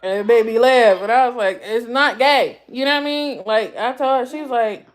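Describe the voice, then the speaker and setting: A woman's voice: on the high side, a little fast. A young woman from the US East Coast, chatting on a livestream to her viewers in a heartfelt, rambling way and often repeating herself. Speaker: YouTube livestream host. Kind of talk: casual livestream chat.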